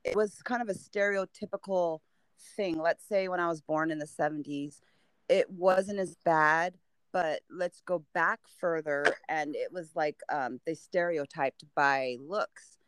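A woman in her fifties, a podcast guest, talking in an animated, teasing way and laughing often. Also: low-pitched, unhurried, clear, resonant tone, dry recording. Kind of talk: casual chat.

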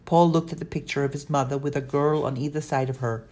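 A woman narrating a children's audiobook in a steady storytelling manner. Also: deep voice, fast talker.

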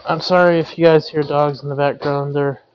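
A man's voice: a little high, flat delivery, fairly quick, muffled recording, slight background noise. A man hosting a podcast, rambling apologetically while hot and breathing heavily outdoors in a yard, recorded without his usual headset. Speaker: podcast host. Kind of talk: casual rambling monologue. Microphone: not his usual headset.

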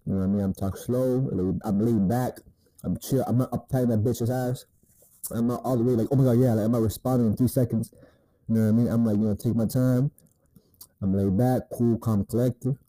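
A man's voice: medium pitch, dark tone, no echo, low-quality recording. A man giving laid-back, profane dating advice in a rambling casual monologue, often asking "you know what I mean".

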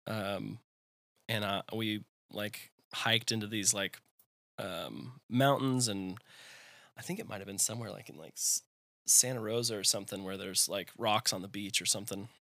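A man's voice: lowish voice, moderate pace, bright, forceful tone, no echo. A young man in his twenties telling a personal faith story in conversation, rambling with lots of fillers. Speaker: guest.

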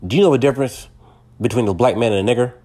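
A man's voice: medium pitch, racing, mellow, close to an everyday voice. A man voicing a laid-back male police chief interviewing a cadet, easygoing and conversational.

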